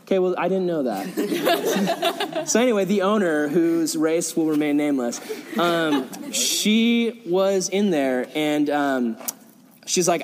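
A young man, a youth pastor, telling a story in a sermon, animated and acting out quotes with casual fillers, in a large hall before an audience. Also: on the high side, a little slow, noisy background. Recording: long reverb in a hall.

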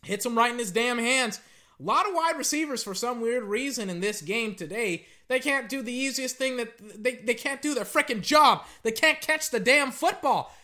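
Guy at home yelling at a football game into his desk mic, bright sharp voice, swears a lot. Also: very high voice, moderate pace. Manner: animated, ranting, swears casually. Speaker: sports commentator. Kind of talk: casual live game commentary. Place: home living room. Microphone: desk microphone at home.

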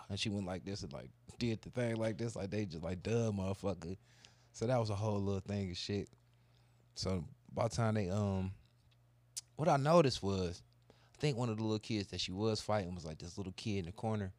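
A man telling a long, animated, profane story in casual chat. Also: lowish voice, a little fast, no echo. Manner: animated, profane, acts out kids' voices. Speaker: podcast co-host telling a story.

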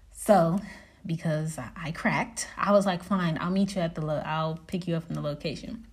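A woman's voice: on the low side, normal speed. Young woman telling a story on her podcast. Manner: animated, laughs often, swears casually. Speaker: podcast host. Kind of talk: casual storytelling monologue.

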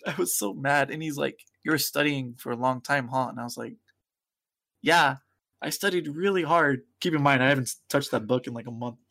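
A man's voice: medium pitch, a little fast, gravelly, few pauses. A young man, a podcast co-host, telling a story in casual chat and acting out the other people's voices. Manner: animated storyteller acting out quoted voices, laughing often.

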